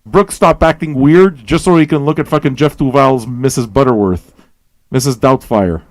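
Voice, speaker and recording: A man's voice: medium pitch, moderate pace, dry recording. Rambling, profane male radio host. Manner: rambling, profane, questions everything aloud. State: tired and high. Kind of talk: casual rambling talk to listeners.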